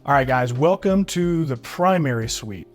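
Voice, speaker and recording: A man's voice: medium pitch, expressive, normal speed, faint music behind. A man giving an enthusiastic walkthrough tour of a house, walking room to room and praising every feature. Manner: upbeat, enthusiastic, repeats "really neat" and "beautiful". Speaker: real estate agent giving a home tour. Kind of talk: walkthrough home tour vlog.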